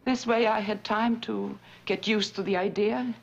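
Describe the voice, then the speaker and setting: An actress playing an abandoned woman on the phone to her lover, halting and soft-spoken as she insists she is calm. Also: mid-range voice, vocal fry. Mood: strained. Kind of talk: dramatic monologue, one side of a phone call. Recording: dull lo-fi recording.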